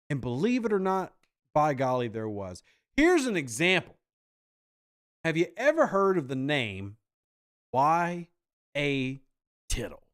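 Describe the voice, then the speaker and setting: A man doing an impression of a smug middle-aged football executive, lecturing in a mock-formal way. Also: fairly high pitch.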